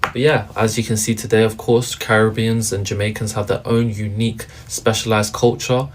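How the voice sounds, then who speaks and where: A man's voice: lowish voice, flat delivery, moderate pace. A man narrating a history explainer in a casual way, with frequent "but yeah" fillers. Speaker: commentary narrator.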